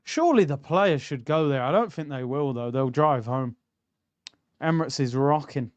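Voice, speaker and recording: A man's voice: medium pitch, moderate pace, dull audio. A young man, hosting a casual football watchalong stream, bantering and reading out chat messages.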